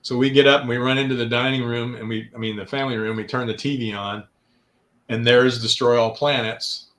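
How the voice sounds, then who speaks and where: A man's voice: mid-range voice, fairly even intonation, a little fast, a bit bright. A man in his sixties, a guest in a casual interview, telling long anecdotes and acting out other people's quotes with a raised voice. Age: 60s.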